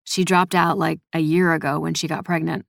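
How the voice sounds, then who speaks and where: A woman's voice: sits low, flat delivery, fairly quick, creaky, dry recording, clean studio sound. A woman narrator voicing a teenage boy who talks casually and bluntly in slang.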